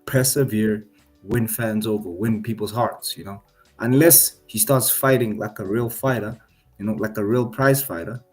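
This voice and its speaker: A man's voice: lowish voice, normal speed, a little mellow, husky, soft background music. A man co-hosting a casual MMA podcast, stammering and repeating himself as he defends his picks. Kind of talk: casual sports banter.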